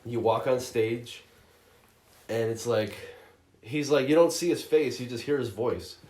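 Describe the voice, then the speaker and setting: A man hosting a casual podcast chat, telling a game's story in a profane, animated way, often slipping into mocking voices. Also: mid-range voice, a little slow. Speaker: podcast host reviewing a game. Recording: roomy echoey room.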